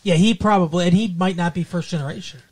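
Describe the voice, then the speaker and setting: A man's voice: sits high, fast talker. A man from Minnesota, co-hosting a podcast in casual chat, rambling with many restarts and fillers. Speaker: podcast co-host.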